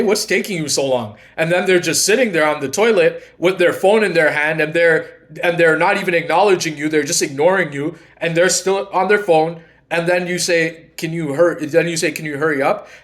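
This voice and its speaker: A man's voice: fairly high pitch, fairly bright tone. Earnest long-winded male channel host. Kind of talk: casual monologue to camera.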